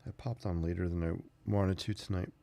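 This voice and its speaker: Host, male, low and gravelly; relaxed running commentary while drawing. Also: normal speed. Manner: chatty, thinks aloud while drawing. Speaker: sketching channel host. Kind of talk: casual narration while sketching.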